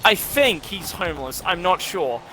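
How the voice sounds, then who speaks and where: A young man with a high, bright voice tells a long, rambling, sweary story while he plays a video game with friends. Soft music runs under his talk. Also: expressive, moderate pace. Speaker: streamer and gamer. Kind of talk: casual storytelling while gaming.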